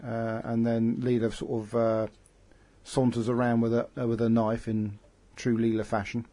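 A man's voice: mid-range voice, monotone, normal speed, mellow, no echo. Rambling man hosting a chat. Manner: rambling, many fillers and restarts. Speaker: podcast host. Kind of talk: casual chat.

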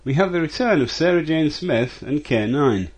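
Man reading listener feedback, lively. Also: on the high side, moderate pace, breathy edge. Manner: reads notes in a list-like way. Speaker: listener sending audio feedback. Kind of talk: read-out audio message.

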